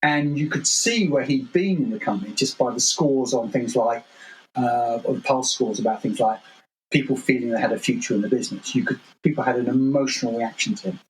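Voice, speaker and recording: A man's voice: medium pitch, fairly quick, slight background noise, low-quality recording. Wry man telling anecdotes. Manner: wry, anecdotal, self-deprecating. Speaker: guest, author. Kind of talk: podcast interview storytelling.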